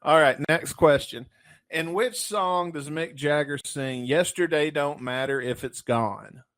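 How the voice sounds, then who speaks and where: A man co-hosting a casual podcast and reading quiz questions, loud and crude with lots of joking. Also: a little high, unhurried. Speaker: podcast co-host.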